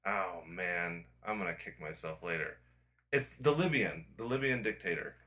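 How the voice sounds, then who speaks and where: Guy with a low-ish but super bright voice, rambling and restarting, swears a bit. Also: normal speed. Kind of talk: casual chat.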